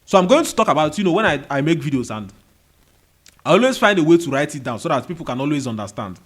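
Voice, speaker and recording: A man's voice: fairly high pitch, big pitch swings, quick pace, a bit bright. A man with a Nigerian accent giving a motivational monologue, firing rhetorical questions and repeating key phrases. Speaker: motivational video host. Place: indoor room with a fan running.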